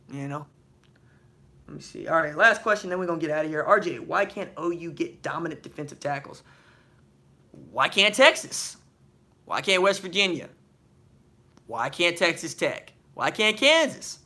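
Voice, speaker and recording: A man hosting a live stream, reading viewer questions from the chat aloud and answering them with slangy, animated banter and rapid rhetorical questions. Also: fairly high pitch, vocal fry. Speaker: podcast host.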